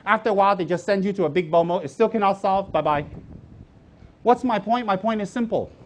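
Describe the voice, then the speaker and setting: A man teaching as a Buddhist teacher in a dharma talk, animated and joking, with many rhetorical questions and acted-out voices of others. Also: high-pitched, a little fast.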